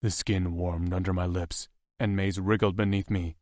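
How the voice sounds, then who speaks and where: A man reads a romance audiobook in the first person with a calm, steady delivery. His voice sits on the low side. The recording is dry and close. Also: normal speed, no room sound. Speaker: audiobook narrator.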